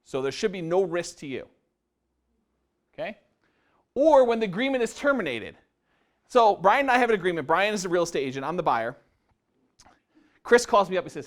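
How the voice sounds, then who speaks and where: Give me a man with a high, very animated voice lecturing a live audience and quizzing them as he goes. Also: fairly quick, pauses often. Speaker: real estate investing presenter. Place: meeting room before a live audience.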